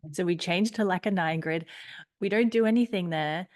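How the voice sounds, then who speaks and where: A woman's voice: fairly low pitch, normal speed, a little mellow. Upbeat Australian woman giving business advice. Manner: upbeat, emphatic, laughs easily. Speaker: podcast guest, business strategist. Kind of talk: conversational interview.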